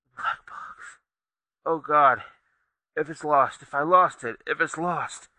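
A man's voice: medium pitch, steady tone, pushed and bright, no room sound, exaggerated voice, rough recording. A man doing a dying man's faint whisper. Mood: panicked. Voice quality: faint, breathy near-whisper. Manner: slow, strained and barely audible. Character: dying poisoned man, weak and rotting.

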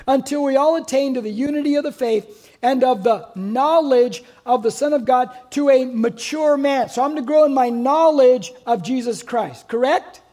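A man's voice: very high voice, moderate pace, mellow. A man preaching a sermon to a congregation in a church, conversational and playful, often asking the room questions. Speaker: pastor.

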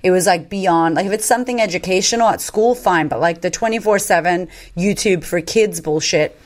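A woman's voice: lowish voice, a little fast. A woman in her thirties telling stories candidly as a podcast guest, swearing freely and acting out what people said. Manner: animated, swears freely, acts out quotes. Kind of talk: candid conversational storytelling.

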